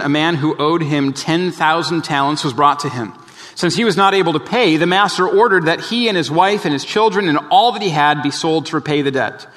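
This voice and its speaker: A man preaches a sermon, walking his listeners through a parable with steady, explanatory emphasis. His voice sits a little higher than most men's, and it rings out with a long reverb tail. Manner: explanatory, emphatic with repeated phrases.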